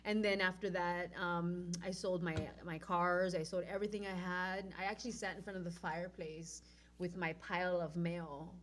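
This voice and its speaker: A woman from Oahu with a Hawaiian accent, a guest telling a personal story in an animated way and acting out what she said back then, from loud to hushed. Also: on the low side, moderate pace, slight background noise. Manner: acts out her own past lines, swinging from loud to hushed.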